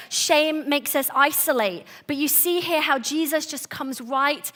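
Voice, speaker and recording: Bright, high-voiced woman preaching earnestly. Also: a little slow. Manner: earnest, emphatic, conversational. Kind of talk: sermon. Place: church service.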